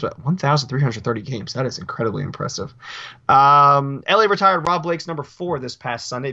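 Dry, deadpan male podcast co-host. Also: medium pitch, muffled recording. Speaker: podcast co-host giving hockey news. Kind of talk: reading sports results and news.

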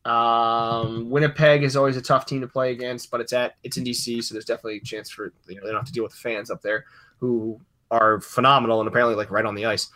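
A young man in his twenties co-hosts a casual sports podcast. His tone is bright and sharp, and he rambles, cracks jokes and corrects himself mid-thought. His pitch is ordinary for a man. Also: little pitch movement, quick pace. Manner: rambling, self-correcting, joking. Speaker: podcast co-host.

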